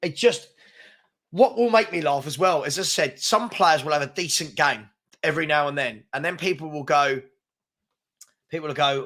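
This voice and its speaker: Frustrated bright-voiced male live-stream host. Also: on the high side, moderate pace. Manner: frustrated, rambling, reads viewer comments aloud. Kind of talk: casual live-stream chat.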